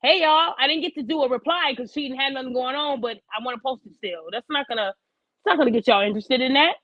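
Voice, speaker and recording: A woman's voice: sits high, quick pace, no room sound. A woman hosting a live online show, ranting bluntly and passionately to her chat with plenty of profanity. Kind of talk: livestream rant to chat. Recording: dull lo-fi sound.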